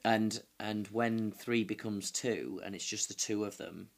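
A man's voice: fairly low pitch, fairly even intonation, a little slow, gravelly. A young man in improvised mock true-crime chat, earnestly playing detective. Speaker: improv comedy host.

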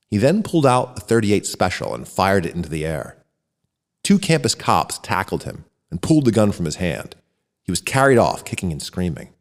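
A man reading a short story aloud as narrator, raising his voice for the shouted lines of the characters. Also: low voice, sing-song, normal speed, long reverb tail.

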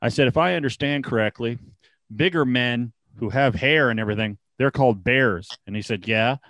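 A man's voice: medium pitch, moderate pace, a bit bright, no echo. A man in his forties chats casually, drifting through long stories and laughing at himself. His voice sits in an ordinary middle range. It is recorded close and dry. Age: 40s. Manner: rambling anecdotes, laughs often. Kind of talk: casual chat, storytelling.

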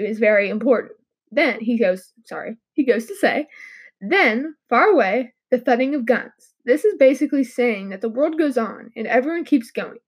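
Young woman, high voice, a little sick, earnest guest analyzing a poem. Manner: earnest, explanatory, with casual fillers. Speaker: podcast guest. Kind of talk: mock podcast poetry analysis.

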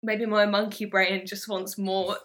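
A woman's voice: mid-range voice, flat delivery, measured pace, fairly bright tone. A woman guesting on a film podcast, chatting in a self-deprecating, giggly way. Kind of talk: casual chat.

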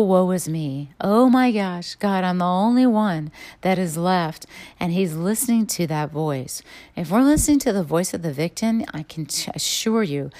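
Woman preaching, kinda low voice, earnest, does little voices for the people in the story. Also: darkish tone. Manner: earnest, acts out quoted voices with rising pitch. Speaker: teaching minister. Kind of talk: sermon with closing prayer.

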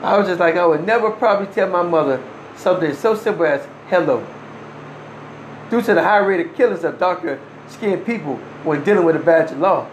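Male storyteller, high voice, emphatic and earnest, slight room echo. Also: lively intonation, a little fast, slight background noise. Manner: earnest, emphatic, with short restarts and wry laughs. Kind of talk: personal first-person storytelling. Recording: roomy echo.

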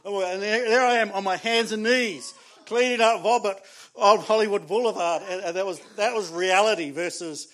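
A New man in his thirties preaching to his church. He tells stories with animation and laughs often, and his voice sits high for a man. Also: moderate pace. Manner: animated storytelling, laughs often, restarts words. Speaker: pastor. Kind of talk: sermon.

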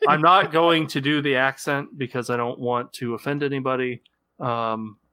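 A man's voice: medium pitch, fairly even intonation, normal speed, bright, forceful tone. A man in his thirties, co-hosting a podcast, chatting casually and rambling a little with restarts. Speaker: podcast co-host. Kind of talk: casual chat.

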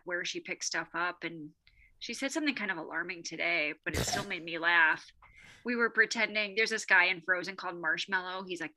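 A woman co-hosting a podcast in casual chat, telling lively stories and laughing often. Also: lowish voice. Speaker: podcast co-host.

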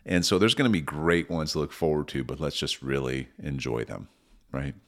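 Middle-aged guy with a super deep voice, rambly and heartfelt, just chatting. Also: moderate pace. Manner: rambling, earnest, gets emotional. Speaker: podcast co-host, father of six. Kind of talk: casual conversation.

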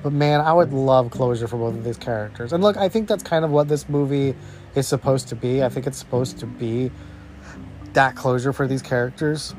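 A man hosting a podcast, giving a casual, excited movie review, rambling with lots of "bro" and "you know". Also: medium pitch, fairly quick, a little hiss or hum. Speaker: podcast host reviewing a film.

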